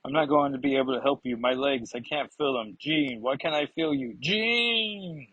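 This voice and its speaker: A man's voice: medium pitch, steady tone, a little fast, a bit bright, breathy edge, no echo, lo-fi sound. A man voicing a wounded young male hero, reading his lines in a pleading, anguished way. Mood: desperate.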